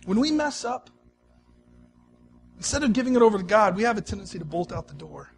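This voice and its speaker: A male pastor delivering a sermon in a conversational, storytelling way, swinging between soft, quiet stretches and emphatic ones. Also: high voice, very animated, brisk, creaky.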